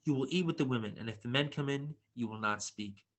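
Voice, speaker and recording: A man's voice: mid-range voice, fast, a bit bright, lightly acted. A man reading aloud as the composed first wife of a chief, speaking formally and firmly. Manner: formal, firm.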